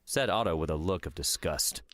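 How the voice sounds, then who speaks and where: A man narrates an audiobook in a steady, even reading. His voice is very low. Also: fairly quick, no room sound. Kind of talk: scripted narration.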